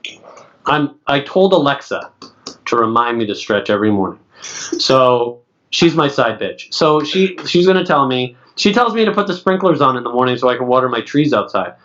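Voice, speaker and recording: A man's voice: medium pitch, lively intonation, normal speed, a bit bright. A man in his late thirties co-hosting a casual podcast, telling stories and acting out other people's lines. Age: late 30s. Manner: chatty storyteller, acts out other people's lines. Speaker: podcast co-host. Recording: dull lo-fi sound.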